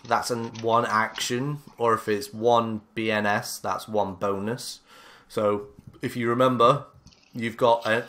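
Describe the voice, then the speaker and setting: Man, game master, tabletop game narration, slow-talking, hesitant, bright tone. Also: medium pitch. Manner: unhurried, hesitant, many fillers.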